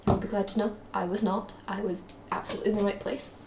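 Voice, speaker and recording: A woman's voice: mid-range voice, level tone, fast, reverberant, slight background noise. A young woman with a Scottish accent, chatting in a rambling, self-deprecating way for her daily video diary, with lots of ums. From Scotland. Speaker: vlogger. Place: at her parents' home, indoors.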